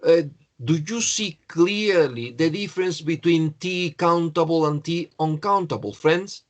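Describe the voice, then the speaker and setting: Slow, patient man teaching grammar. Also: fairly high pitch. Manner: slow, patient explaining with repetition. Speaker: English teacher.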